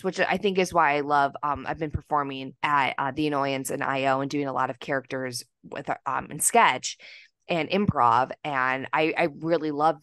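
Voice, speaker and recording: A woman's voice: sits low, steady tone, normal speed, a bit bright, dry recording, clean studio sound. A young adult woman, a podcast guest, telling stories in a chatty, self-deprecating way and laughing often. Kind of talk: casual interview storytelling.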